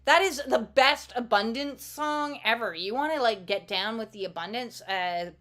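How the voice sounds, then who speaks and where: Chatty, playful woman with a high voice. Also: normal speed, fairly bright tone. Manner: rambling, playful, chatty with viewers; swears casually. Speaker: oracle card reader hosting a live stream. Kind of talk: casual livestream chat.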